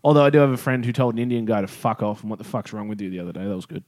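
A man's voice: lowish voice, racing, darkish tone. A man co-hosting a podcast, crude and sardonic, swearing freely in casual chat. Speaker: podcast co-host.

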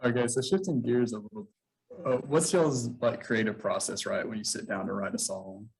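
A man with a low, gravelly voice hosts a casual interview. His tone is husky and laid-back as he steers the talk. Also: moderate pace, rough recording.

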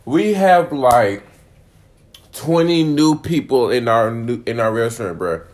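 Young man co-host, mid-range pitch, loose slangy delivery with plenty of swearing. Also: a little slow, a little mellow. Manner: slangy and profane. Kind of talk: casual chat.

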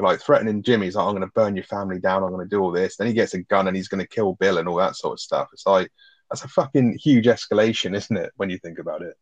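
Man, podcast co-host, fast and deep, swears a lot; dry, muffled mic. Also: breathy edge, no echo. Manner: swears freely, enthusiastic retelling. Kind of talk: casual film review chat.

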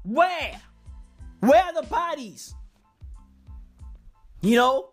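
Slow-talking woman on a profane comic rant. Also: sits high, expressive, faint music behind. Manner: profane slangy rant, repeats lines for effect. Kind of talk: comedic rant.

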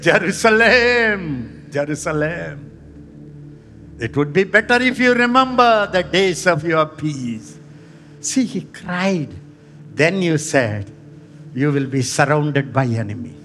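A man with an Indian English accent preaching a sermon, emphatic and dramatic, swinging between loud and hushed. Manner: emphatic, dramatic shifts in pitch and volume. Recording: long hall reverb with faint music.

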